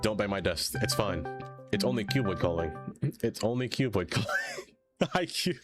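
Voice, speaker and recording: Over background music, a lowish, expressive male voice speaks at a normal pace. He's streaming a city-building game, chatting loosely with viewers and drifting off whenever chat catches his attention.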